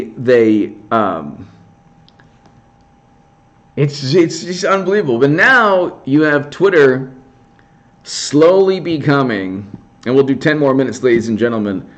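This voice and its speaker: A man's voice: medium pitch, highs cut off. A man giving rambling, sarcastic political commentary on a casual livestream, often restarting his sentences.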